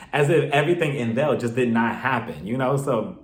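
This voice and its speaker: A man's voice: mid-range voice, animated, a little fast. A man casually recapping a reality TV episode in an opinionated, exasperated way. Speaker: reality TV reviewer. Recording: roomy echo.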